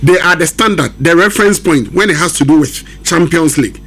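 A man's voice: on the high side, fairly quick, fairly bright tone. A man giving emphatic football analysis on a sports radio show, switching between English and Twi. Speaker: football pundit.

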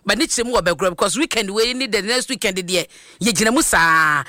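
A studio presenter with a Ghanaian accent, hosting a broadcast in a lively way and handing over to reporters. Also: mid-range voice, fairly quick, dry recording.

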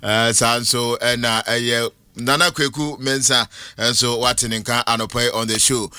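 A man with a Ghanaian accent hosting a radio sports talk show, lively and quick to laugh, reading out the call-in line in a studio. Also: mid-range voice, smooth, dry recording.

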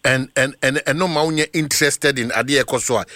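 A man's voice: mid-range voice, fast, background noise. A man from Ghana hosting a radio interview, asking questions with hesitant starts and fillers. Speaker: radio host.

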